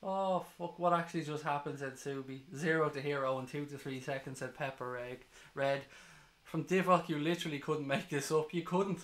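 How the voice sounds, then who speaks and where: A man streaming a live football watchalong, ecstatic and swearing, reading chat messages aloud, hoarse from screaming. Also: a little high, fairly even intonation, moderate pace, a bit bright, reverberant.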